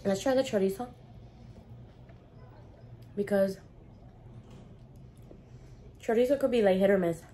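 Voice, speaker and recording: A woman's voice: mid-range voice, a little slow, long pauses, warm tone. A young woman, chatting casually between bites in a mukbang eating vlog. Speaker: food vlogger.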